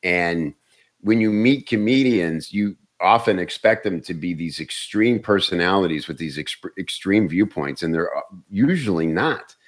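Comedian guy telling stories, kinda low voice, animated, stumbles and repeats words. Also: a little slow. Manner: animated, restarts words often. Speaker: comedian and actor. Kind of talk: casual storytelling chat.

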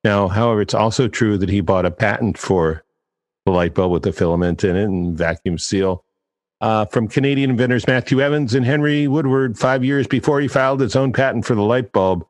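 A man with a low, deep voice hosts a podcast in a loose, chatty way, wandering from one example to the next and poking fun at himself. His voice carries a long reverb tail, as if recorded in a large, echoing space. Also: fairly quick. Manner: chatty, digressive, self-deprecating. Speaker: podcast host. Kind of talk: casual podcast monologue.

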